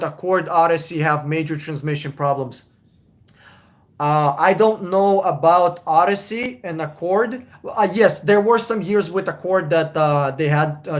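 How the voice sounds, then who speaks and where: A man hosting a casual live stream, reading viewer comments and answering car-buying questions bluntly, swearing and repeating himself for emphasis. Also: a little high.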